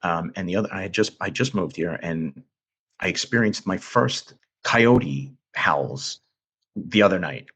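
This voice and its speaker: A man recounting a personal encounter as a podcast guest, talking in a halting, earnest way with many restarts. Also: low voice, fairly bright tone, husky. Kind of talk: casual storytelling.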